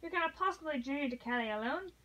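A woman voicing an earnest, loyal young English gentleman in formal period speech, read aloud from a novel. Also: high voice, expressive, quick pace, distant mic, low-quality recording.

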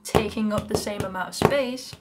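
A woman's voice: mid-range voice, moderate pace. British woman teaching handpan, chatty, counts beats, music in the back. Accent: British English. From Britain. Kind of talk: music lesson. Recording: music playing in background.

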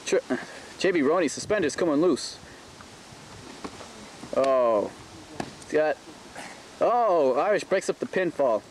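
A man giving excited play-by-play commentary on a backyard wrestling match, gasping "oh" at every move. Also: a little high, takes it slowly, pauses often. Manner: excitable, frequent gasps of "oh". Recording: noisy outdoor camcorder audio.

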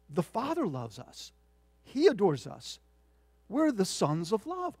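Gravelly emphatic preacher, dry sound. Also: male voice, high voice, wildly swooping pitch, unhurried, no room sound. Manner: emphatic, with frequent fillers and restarts; swings between loud emphatic peaks and quiet asides. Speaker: pastor. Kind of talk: expository sermon.

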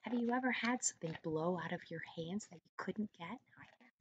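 Teacher reading aloud to first graders. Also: female voice, lowish voice, breathy edge, highs cut off. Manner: pauses to ask the children questions, with soft hushed asides. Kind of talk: reading a storybook aloud to young children.

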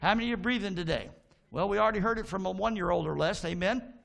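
A pastor preaching a sermon in a church, fervent, calling out to the congregation for responses and dropping into folksy asides. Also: male voice, high voice, rapid-fire, creaky, a bit bright. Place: church sanctuary.

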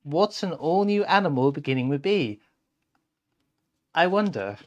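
A man voicing an eager dog in a children's picture book read aloud, in a loud, keen delivery. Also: on the high side, lively intonation, measured pace, lo-fi sound.

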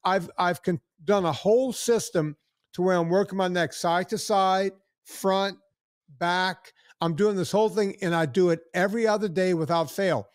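A man's voice: sits high, normal speed, no echo, studio quality. A man in his sixties hosting a podcast, rambling in casual chat with many restarts and acted-out quotes. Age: 60s. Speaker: podcast host.

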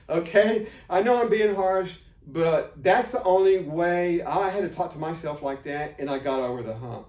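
A fairly high-voiced man talks off the cuff in an unscripted marketing vlog. He rambles, restarts his sentences and turns blunt when he gives his pep talk. The mic sits back from him in a roomy space. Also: animated, measured pace, darkish tone, distant mic. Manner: rambling, full of fillers and restarts. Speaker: affiliate marketer.

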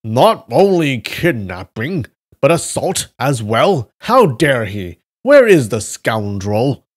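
A man voicing a group of indignant officials in a live story reading, shouting. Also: mid-range voice, very animated, slow pace. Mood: outraged. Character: band of angry male officials, indignant.

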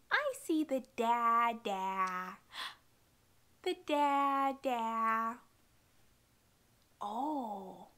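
A young woman teaching first words to toddlers in a slow, exaggerated sing-song voice, with excited gasps and drawn-out simple words. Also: a little high. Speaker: children's educator, speech therapist.

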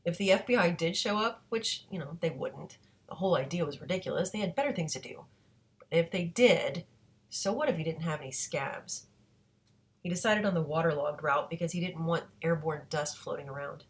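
Low-voiced woman reading a novel aloud. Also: fairly quick. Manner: steady reading with occasional self-corrections. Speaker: audiobook reader.

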